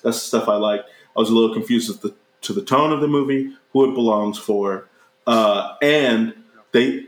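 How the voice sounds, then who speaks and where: A man co-hosting a casual, profane movie review chat, leaping into high mocking voices when he retells scenes. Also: moderate pace. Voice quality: animated, jumps into high mocking voices for quoted characters. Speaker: podcast co-host reviewing a movie. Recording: roomy echo.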